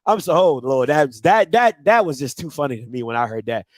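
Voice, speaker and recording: A man hosting a live show, reacting to a clip with loud, laughing, incredulous ranting. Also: fairly high pitch, big pitch swings, a little fast, dry recording.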